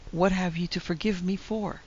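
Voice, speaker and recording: A woman voicing a tired, unhappy husband in a storybook reading who speaks quietly and steadily. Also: on the low side, fairly even intonation, normal speed, breathy edge. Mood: weary. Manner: quiet, weary. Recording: dull lo-fi recording with faint hiss.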